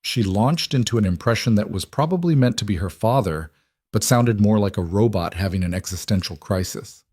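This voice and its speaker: A man narrates a story in a steady, scripted way. His voice is on the low side for a man. The recording is close and dry, with no room sound. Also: a little fast, husky, no echo.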